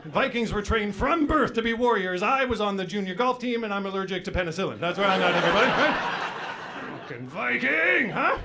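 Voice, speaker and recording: A man's voice: high voice, fast talker, hardly any pauses, noisy background. A man from Canada doing a loose stand-up comedy set on a club stage, tossing in constant "right?" and "okay?" asides. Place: comedy club stage before a live audience.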